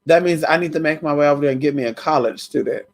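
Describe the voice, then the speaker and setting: A woman chats through a casual live stream, tired yet talkative. Her voice sits a little low. She drifts from topic to topic and keeps calling her viewers girl and honey. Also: fast talker. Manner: chatty, laughs often, addresses viewers as girl and honey.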